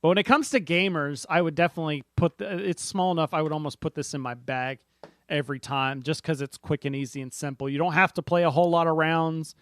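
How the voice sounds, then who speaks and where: Slightly high-voiced podcast host man. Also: fairly even intonation, fast, a bit bright, no room sound. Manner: rambling, restarts sentences often. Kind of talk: casual board game podcast chat.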